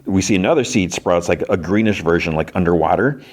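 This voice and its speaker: Deep-voiced man recapping casually. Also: a little fast. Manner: rambling, heavy use of "like". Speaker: podcast host.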